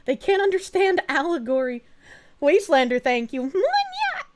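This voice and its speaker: A woman with a high, bouncing voice streams live and reads donor messages. She reacts fast, swears freely and breaks into laughter often. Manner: excitable, profane, quick reactions with frequent laughs. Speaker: VTuber streamer. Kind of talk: casual live-stream chat reading donations.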